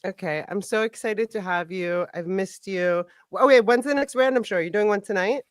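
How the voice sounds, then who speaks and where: A woman hosting a live-stream chat, chatty and teasing, telling quick stories. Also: mid-range voice, no echo, clean studio sound. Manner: chatty, teasing, fast storytelling. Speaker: host.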